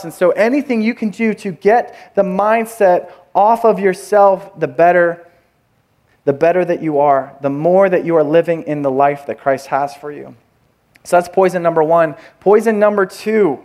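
Animated man preaching a casual sermon. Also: high voice, normal speed. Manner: conversational, animated storytelling with many fillers. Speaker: pastor. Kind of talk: sermon with personal story.

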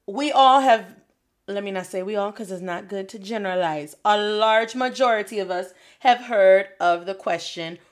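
A woman teaching a Spanish lesson, drilling phrases with lively repetition and switching languages. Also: mid-range voice. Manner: animated, switches between English and Spanish, repeats phrases for drill. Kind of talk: energetic video lesson. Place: Detroit.

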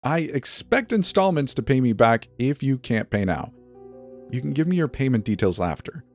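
A man's voice: medium pitch, big pitch swings, normal speed, darkish tone, soft background music, pitched above the performer's own voice. A man voicing a creepy, grinning teenage boy who sells superpowers, in a mocking sing-song murmur. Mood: menacing.

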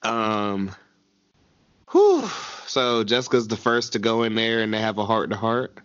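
A man co-hosting a podcast in a loose, animated way, stammering, restarting and swearing as he recaps a show. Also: on the low side, measured pace, clear, resonant tone, no room sound, dull audio. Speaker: podcast co-host. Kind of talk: casual chat recapping a TV show.

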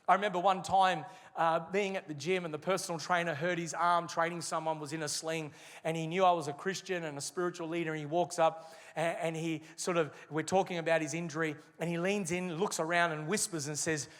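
A man preaching a sermon as a pastor, with emphatic delivery that slows and stresses key phrases. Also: on the high side, fairly even intonation, a bit bright, big-room sound.

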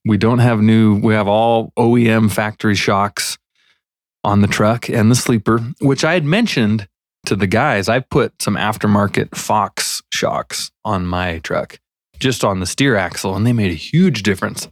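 A man co-hosting a casual podcast, telling lively stories and laughing often as he talks about trucking life. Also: fairly low pitch, a little slow, dry recording, studio quality. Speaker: podcast co-host, truck driver. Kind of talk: casual chat.

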